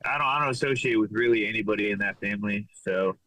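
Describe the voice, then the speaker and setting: A man from Los Angeles, a fighter, being interviewed as a podcast guest and speaking in a laid-back, halting way with lots of repeated words. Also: fairly low pitch, bright, forceful tone, no echo, low-quality recording. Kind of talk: casual interview chat.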